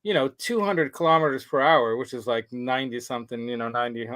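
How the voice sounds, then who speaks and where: A man hosting a casual show, telling a story in a rambling, animated way with laughs. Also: mid-range voice, fast talker, no echo, poor audio. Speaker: show host. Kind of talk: casual chat.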